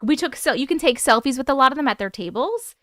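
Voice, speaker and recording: A young woman hosting a casual live-stream chat, excited and chatty, swearing now and then. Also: high-pitched, quick pace, no echo, studio quality. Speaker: host.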